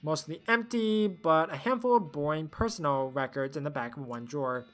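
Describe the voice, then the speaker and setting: A streamer playing a game who reads the text aloud, thinks out loud and often trails off with fillers. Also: medium pitch, moderate pace, soft background music.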